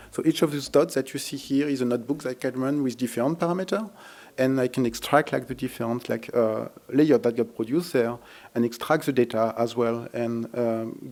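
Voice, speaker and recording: A man presenting a live technical demo at a conference, speaking haltingly with many fillers and restarts. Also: mid-range voice, warm tone. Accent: French.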